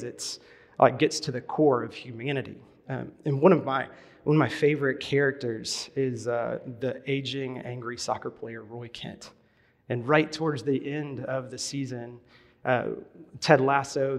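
Man preaching a chatty sermon in a reverberant hall. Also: medium pitch. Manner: conversational, many fillers and restarts. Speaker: pastor. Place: church hall.

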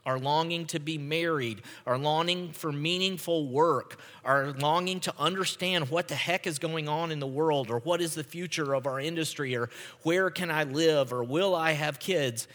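A man's voice: fairly high pitch, fairly bright tone. A male pastor giving a conversational sermon, often checking in with the congregation with "right?". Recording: long hall reverb.

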